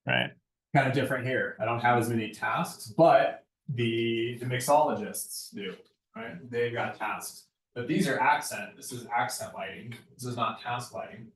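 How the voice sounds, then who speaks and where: The lighting design instructor lectures at a moderate pace in a mid-range voice, sounding distant and echoey. Keeping it conversational, he repeatedly asks "right?" throughout the classroom talk.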